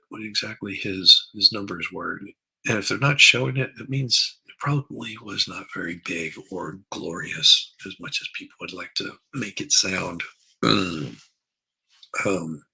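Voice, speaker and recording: Broadcasting on a headset from a basement room in his home, this man hosts a laid-back morning livestream while still groggy from a late night. He rambles, says words twice, and calls out viewers by name in a lowish, creaky, bright, husky voice with a forceful tone, captured on a rough recording.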